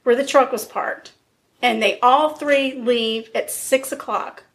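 A woman's voice: a little high, slow. A woman hosting a podcast, casually telling a true crime case in a blunt, chatty way. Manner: conversational, blunt, laughs often. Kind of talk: casual storytelling.

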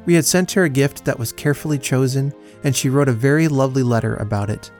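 A male podcast host narrating a classic story in a measured, dry storytelling manner. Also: medium pitch, a little mellow, faint music behind.

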